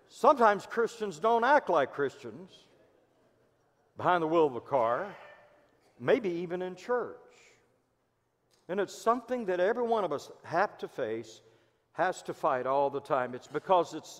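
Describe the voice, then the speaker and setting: A man with a Midwestern American accent, a pastor preaching a sermon in church and telling stories, swinging between loud emphasis and hushed asides. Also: fairly high pitch. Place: church sanctuary. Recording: long hall reverb.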